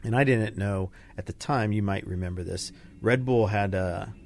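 A man's voice: lowish voice, normal speed, vocal fry. An older man, a retired fighter pilot, telling stories in a casual interview and acting out the people he quotes. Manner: animated storyteller, acts out quoted voices. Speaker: podcast guest, retired Navy fighter pilot.

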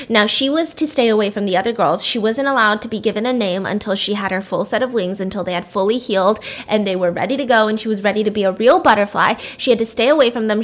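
A woman's voice: on the high side, fairly bright tone. A woman casually retelling a long story to a co-host, chatty and full of "like" and casual swearing.

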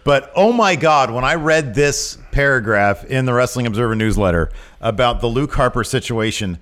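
A man co-hosting a casual wrestling news podcast, talking with animated and outraged emphasis. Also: mid-range voice, normal speed. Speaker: podcast co-host.

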